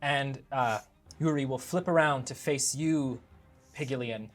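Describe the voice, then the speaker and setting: A man running a live tabletop role-playing game as dungeon master, playful and quick to laugh, with faint music behind him. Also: mid-range voice.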